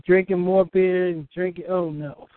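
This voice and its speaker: A man's voice: sits high, steady tone, measured pace, no room sound, narrow, tinny audio. A man hosting a casual online community call in a laid-back way, often adding "you know". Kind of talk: casual group chat.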